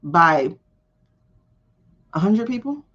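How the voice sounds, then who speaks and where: Blunt, animated woman tarot streamer. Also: fairly low pitch, extremely slow, breathy edge, highs cut off. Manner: blunt and animated, swears freely, laughs often. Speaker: tarot reader hosting a live stream. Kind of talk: casual live-stream chat.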